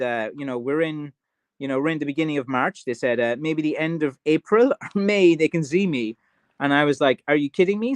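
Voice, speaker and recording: A man's voice: medium pitch, dry recording. Chatty Irish man hosting a livestream. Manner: rambling, chatty, reads out viewer comments. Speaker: livestream host, stick maker. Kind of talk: casual livestream chat.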